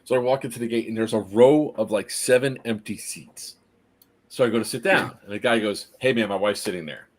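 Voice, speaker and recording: Husky man telling a story. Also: mid-range voice, a little fast. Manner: animated anecdote teller, laughs through his story. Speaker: podcast host. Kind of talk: casual storytelling.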